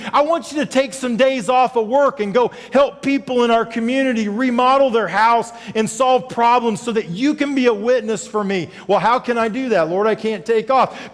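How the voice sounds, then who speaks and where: A man with a high, light voice preaches a sermon. His voice rings through a large hall with a long reverb tail. He moves from loud, emphatic calls to low, hushed reading of scripture, and he speaks to listeners by name. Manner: addresses congregation members by name. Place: church sanctuary.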